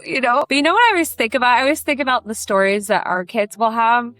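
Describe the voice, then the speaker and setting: A middle-aged woman from Brazil, a burlesque performer, telling candid, animated stories in an interview and acting out the people she quotes. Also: fairly high pitch, fast, dry recording. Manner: animated, emotional storytelling with acted quotes.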